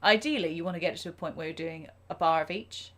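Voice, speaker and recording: A woman's voice: fairly low pitch, fast talker. Chatty woman teaching drums. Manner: chatty and self-deprecating, counting beats aloud. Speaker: drum teacher. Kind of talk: live-streamed drum lesson. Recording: drum kit playing loudly behind.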